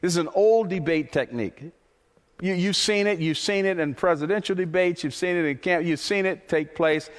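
Impassioned pastor preaching in a hall. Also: male voice, sits high, moderate pace. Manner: impassioned, repetitive, rising to near shouts. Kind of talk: sermon.

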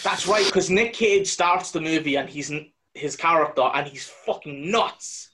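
A man's voice: fairly high pitch, measured pace, pushed and bright. A young man co-hosting a podcast in casual chat, laughing often and swearing casually. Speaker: podcast co-host.

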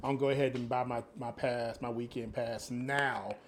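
A man hosting a podcast, chatting in a relaxed way with short replies. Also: medium pitch, normal speed, slight background noise. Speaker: podcast host. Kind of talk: casual podcast chat.

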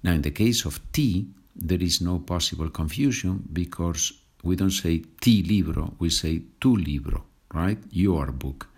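A low-pitched man with a Spanish accent teaches a language lesson. He speaks slowly and patiently and sets each example sentence apart with care. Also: slightly rough. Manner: slow and patient, switching between English and Spanish example sentences.

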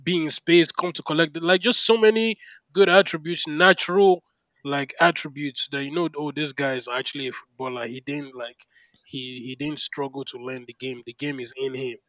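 A man co-hosting a casual podcast, talking in an animated, rambling way with lots of fillers. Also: fairly high pitch, normal speed, no room sound, poor audio. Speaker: podcast co-host. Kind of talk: casual chat.

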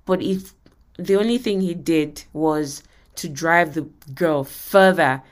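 A woman's voice: low-pitched, takes it slowly. A woman hosting a podcast, giving an earnest spoken lesson and often checking in with her listeners. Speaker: podcast host and teacher. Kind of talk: spoken teaching talk.

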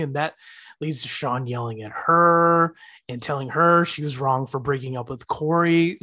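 Thirties guy on a podcast, chatty, keeps doing the characters' lines when he retells stuff. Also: fairly high pitch. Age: 30s. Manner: animated, acts out characters' lines while retelling. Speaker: podcast co-host. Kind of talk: casual chat recapping a TV episode.

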